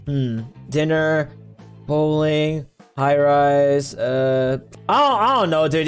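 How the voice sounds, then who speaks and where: A young man casually commenting on his own gameplay, excitable and slangy, often yelping and shouting at what happens on screen. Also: a little high, takes it slowly, clear, resonant tone, faint music behind. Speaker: gaming video creator.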